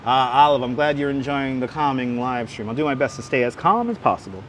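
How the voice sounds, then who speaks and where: Walking through busy city streets, this livestream guide talks quickly at medium pitch with hardly any pauses, greeting viewers by name and recounting local history. A wireless clip-on mic carries his voice above faint traffic noise.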